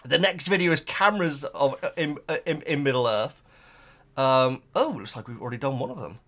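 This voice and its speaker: This man hosts a YouTube reaction video, talking casually to camera in a rambling, hesitant way packed with fillers and repeated words. He sounds emotional and close to tears, with a medium-pitched, pushed, bright voice at a moderate pace.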